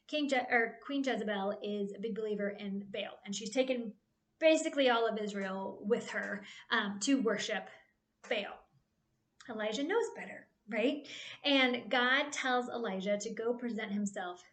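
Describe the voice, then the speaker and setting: Chatty woman giving a Bible talk. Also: fairly high pitch. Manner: chatty, animated retelling with frequent "right?" tags. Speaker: Bible study speaker. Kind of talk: casual devotional Bible talk. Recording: roomy echo.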